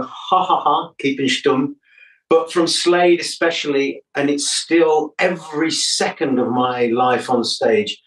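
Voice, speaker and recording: Picked up from a distance in a roomy space, an older man guesting as a musician in a relaxed interview spins jokey, talkative stories, laughing frequently. His voice is medium in pitch and slightly bright.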